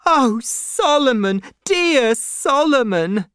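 A woman voicing a tearful, emotional middle-aged Englishwoman in a storybook reading, pleading in a high voice. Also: lively intonation, takes it slowly, smooth, no room sound, studio quality.

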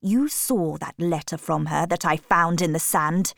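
A woman's voice: deep voice, a little slow, vocal fry, no echo, studio quality. A woman reading an audiobook voices a desperate, hot-tempered baronet, a middle-aged man who speaks urgently and anxiously. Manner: agitated, raised, urgent.

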